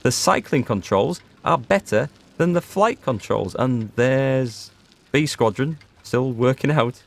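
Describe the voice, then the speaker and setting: A man's voice: mid-range voice, expressive, slow, creaky. A man casually commentating a video game as he plays, joking and talking to his chat. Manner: joking, talks to chat while playing. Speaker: gaming video host. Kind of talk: casual let's-play commentary.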